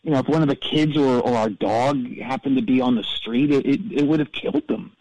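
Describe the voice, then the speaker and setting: A vain, cold-hearted radio DJ, played by a man, rambles down the phone to a comedy show in a husky, breathy voice. He stumbles over his words and starts his sentences again as he goes. The sound is close and dry. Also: medium pitch, brisk, a little mellow, no echo, lightly acted, poor audio. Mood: deadpan. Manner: rambling storyteller, stammering restarts. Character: vain male radio DJ, cold and self-absorbed. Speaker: caller. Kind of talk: comedic call-in character bit.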